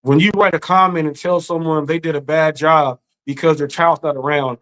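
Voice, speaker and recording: A man with a fairly high voice, grieving as he talks on a live stream. His delivery is earnest and halting, full of restarts and repeated words, as in an unscripted emotional talk. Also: steady tone, a bit bright, poor audio. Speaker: live-stream commentary host.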